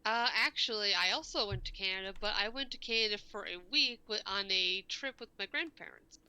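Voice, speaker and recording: A woman's voice: mid-range voice, a little fast, pushed and bright. A woman guest on a live stream chatting in an easygoing way. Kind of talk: casual chat. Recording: keyboard typing clearly audible. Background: computer keyboard clicks.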